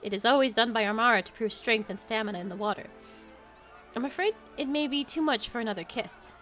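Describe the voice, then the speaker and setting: A composed, stately island woman who speaks formally and evenly to strangers, as a woman reads her out. Her voice is fairly high, and soft music plays behind her. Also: fast, dull audio, lightly acted. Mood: calm. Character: calm, stately woman leading island swimmers.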